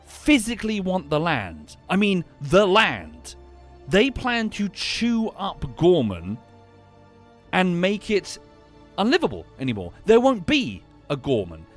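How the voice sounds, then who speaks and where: A young British man giving casual, rambling commentary as a streamer, full of restarts and fillers. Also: fairly high pitch. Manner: animated, with many restarts and fillers.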